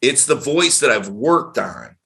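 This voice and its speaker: A man, a dating coach and podcast host, talking in a casual chat with an animated, emphatic delivery. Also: medium pitch, unhurried, creaky. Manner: animated, emphatic, varied tonality.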